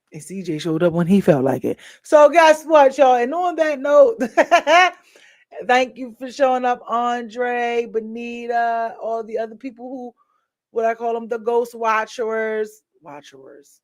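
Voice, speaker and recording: Tired, chatty woman livestream host. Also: mid-range voice. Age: adult with a daughter. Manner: chatty, encouraging, loose slangy talk. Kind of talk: casual sign-off chat with viewers.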